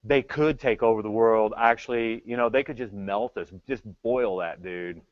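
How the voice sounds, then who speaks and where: A man giving a humorous conference keynote talk as a tech evangelist, telling stories in an animated, joking way, on a dull, dry recording. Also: fairly low pitch, moderate pace, dry recording.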